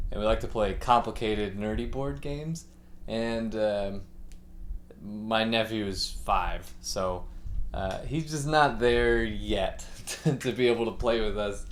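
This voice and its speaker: A musician livestreamer, a man, chatting casually and ramblingly while setting up his gear at home. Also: lowish voice. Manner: rambling, laid-back, many fillers. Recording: echoey room with faint background noise.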